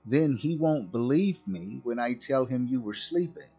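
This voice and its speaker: A man's voice: medium pitch, lively intonation, measured pace, mellow, breathy edge, dull audio, soft background music. A man voicing an irritated male security guard coworker who scolds and brushes off a colleague. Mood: annoyed.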